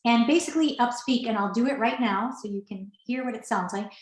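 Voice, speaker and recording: A woman's voice: on the high side, fairly quick, few pauses, echoey room, low-quality recording. A woman presenting an online professional skills workshop, speaking in a conversational, coaching way and answering questions from the chat.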